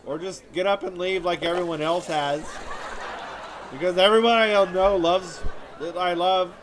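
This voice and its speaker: Whiny high-voiced man doing stand-up. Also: steady tone, normal speed. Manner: whiny, self-pitying storytelling. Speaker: stand-up comedian. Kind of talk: stand-up comedy monologue. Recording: audience laughter and background noise.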